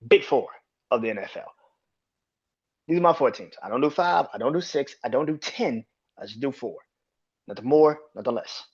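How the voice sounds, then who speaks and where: A man hosting a casual sports podcast, swearing freely and laughing between rapid opinions. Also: mid-range voice, husky. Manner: profane, animated, laughs often. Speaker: podcast host. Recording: dull lo-fi sound.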